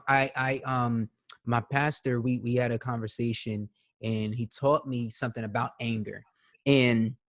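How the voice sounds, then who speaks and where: A man hosting a podcast, talking in a loose, conversational way and often checking in with his guest. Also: mid-range voice. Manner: conversational, leans on "you know what I'm saying". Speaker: podcast host. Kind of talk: casual interview chat.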